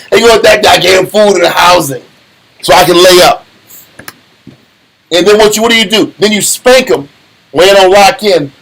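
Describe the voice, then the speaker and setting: A man's voice: on the high side, poor audio. A man with a Texas accent giving an informal church teaching, casual and streetwise with joking asides. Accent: Southern US, Texas. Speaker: teacher of a church study class.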